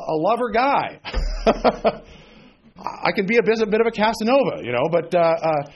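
A man with a high, slightly rough voice preaches an informal sermon, blunt and sarcastic, sprinkled with folksy asides. He mocks emotional prayers by imitating them in an exaggerated voice.

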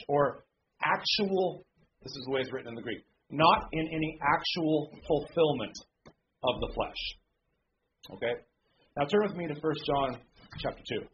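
A man preaching a sermon as pastor, talking conversationally with frequent "okay?" check-ins and reading scripture slowly and deliberately. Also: a little high. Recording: dull lo-fi sound with faint background noise.

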